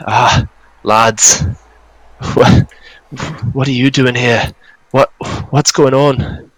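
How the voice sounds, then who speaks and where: A man's voice: mid-range voice, fairly even intonation, drawn-out words, no echo, voice pushed up. A man voicing a shaken, freshly revived dwarf with a put-on Scottish-style brogue, stammering and saying "aye" and "lads". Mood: confused. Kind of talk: tabletop role-play voice.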